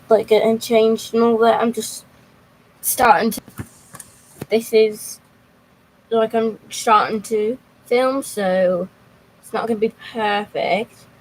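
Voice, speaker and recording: A young woman chatting casually on a live stream, rambling and halting as she talks to her chat from a home computer setup. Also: medium pitch, slight background noise, poor audio.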